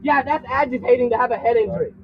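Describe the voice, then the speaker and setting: A man's voice: very high voice, rapid-fire. A man under arrest in the back of a vehicle, swearing and arguing indignantly, repeating himself. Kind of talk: heated confrontation. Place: inside a vehicle, in handcuffs. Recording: distant, phone-like recording with faint noise.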